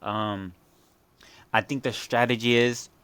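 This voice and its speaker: A man's voice: mid-range voice, fairly even intonation, takes it slowly, a bit bright, smooth, no room sound. A young man giving casual, blunt fight predictions, swearing freely and repeating phrases as he rants. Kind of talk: casual solo commentary.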